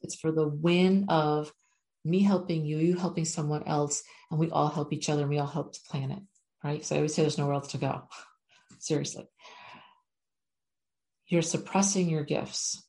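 A woman's voice: deep voice, steady tone, moderate pace, long pauses, mellow. A woman working as a spiritual coach, giving an earnest, repetitive motivational talk to her viewers as she reads oracle cards. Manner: earnest, repetitive, often asks "right?".

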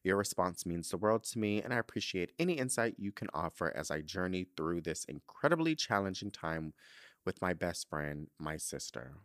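Animated podcast host reading a letter. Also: male voice, low voice, normal speed, dry recording, studio quality. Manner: emotional, keeps breaking off while reading, dramatic reactions. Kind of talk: reading a listener letter, casual chat.

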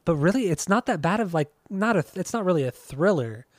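A man co-hosting a casual podcast chat, relaxed and rambling, often restarting his sentences. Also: high voice, fairly quick, no echo. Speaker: podcast co-host.

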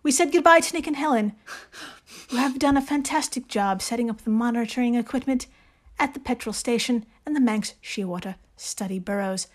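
A woman reading aloud as a prim British woman diarist in a put-on period-novel style, mock-formal and measured. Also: on the high side.

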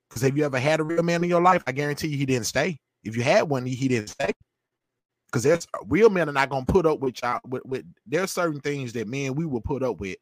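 A man's voice: mid-range voice, a bit bright, no room sound. Emphatic man with dry close sound. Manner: emphatic, preachy, repeats himself. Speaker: podcast guest. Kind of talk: opinionated casual talk.

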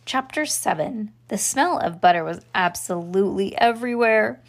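A woman reading a children's chapter book aloud, expressive and playful. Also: mid-range voice, moderate pace. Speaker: storyteller.

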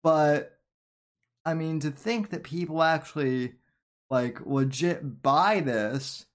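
A man's voice: on the high side, slow pace. A man on a podcast talking in casual chat, hedging with lots of fillers and restarts. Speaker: podcast guest.

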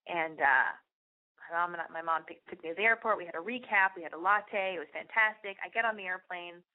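A woman's voice: lowish voice, a little fast. Profane, chatty young woman podcaster. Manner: animated, profane, rambling with many "like"s. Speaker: podcast host. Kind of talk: casual storytelling monologue. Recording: tinny phone-like sound.

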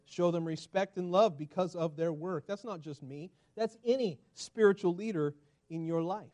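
High-voiced man preaching a sermon. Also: normal speed. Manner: preaching with big swings from loud to hushed. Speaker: pastor.

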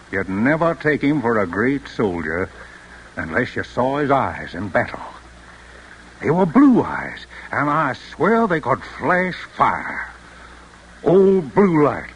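A man's voice: medium pitch, slight background noise, rough recording. An actor playing an old grandfather and war veteran telling stories to his grandson in a radio play. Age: older. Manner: fond storytelling, chuckling. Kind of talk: 1940s radio acting.

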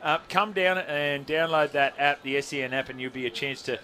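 Upbeat Australian sports radio host. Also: male voice, on the high side, brisk, pushed and bright. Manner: upbeat, steering the talk, reading out numbers. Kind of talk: live sports radio hosting.

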